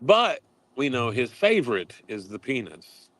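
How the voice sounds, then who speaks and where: A man's voice: medium pitch, very animated, measured pace, fairly bright tone, dry recording. A man on a livestream panel, matter-of-fact and knowing. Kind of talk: casual livestream chat.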